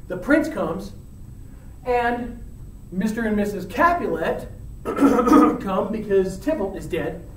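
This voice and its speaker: A male teacher retelling a story in a casual, animated way with slang. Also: high voice, a little hiss or hum. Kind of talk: storytelling lesson. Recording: echoey room, mic at a distance.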